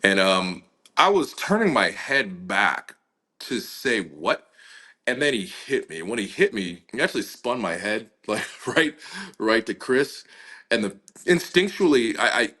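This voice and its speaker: Interview guest, male, deep but bright voice, loose storyteller with lots of "you know". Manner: casual, many fillers, acts out quoted dialogue. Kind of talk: conversational storytelling.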